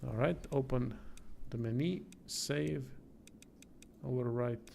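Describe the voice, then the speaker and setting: A man's voice: mid-range voice, slow, gravelly, darkish tone, slight background noise. A tired man streaming, casually reading a text game aloud, swearing now and then and stumbling over words. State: tired, yawning.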